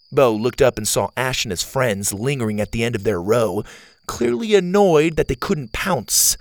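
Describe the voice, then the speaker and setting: Gravelly, lively man reading a kids' story. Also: mid-range voice, moderate pace, no echo. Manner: warm, upbeat and direct to kids. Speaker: storyteller host.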